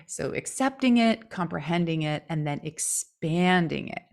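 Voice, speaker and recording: A woman's voice: fairly low pitch, unhurried, gravelly. A woman from California, a voice coach co-hosting a casual podcast, talking expressively and shaping her intonation to make her points. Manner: expressive, plays with intonation to demonstrate.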